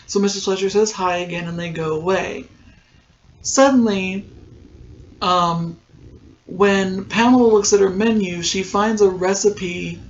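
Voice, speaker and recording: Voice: mid-range voice, fairly even intonation, a little slow, a little hiss or hum. A podcast host giving a casual, rambling recap of a TV episode, full of ums and likes. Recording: dull lo-fi sound.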